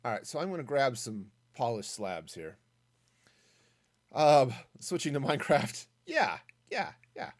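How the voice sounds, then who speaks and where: Casual game streamer, mid pitch, very animated intonation, muses aloud and answers chat. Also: a little slow. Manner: chatty, thinking aloud, reading chat. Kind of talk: casual gaming stream commentary.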